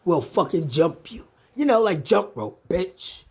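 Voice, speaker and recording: Husky woman ranting profanely at someone. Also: fairly low pitch, sing-song, unhurried, a little mellow. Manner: confrontational and profane, taunting the listener. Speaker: vlogger. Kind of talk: angry direct-to-camera rant.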